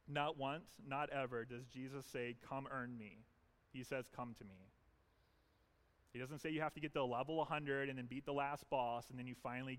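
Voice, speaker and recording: Male pastor, mid-pitched voice, earnest emphatic sermon delivery. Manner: earnest, emphatic preaching with repetition. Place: church.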